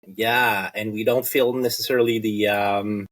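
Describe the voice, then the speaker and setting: A man co-hosting a podcast, speaking earnestly and a bit haltingly about sobriety. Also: on the low side, level tone. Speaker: podcast co-host. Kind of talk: casual recovery chat.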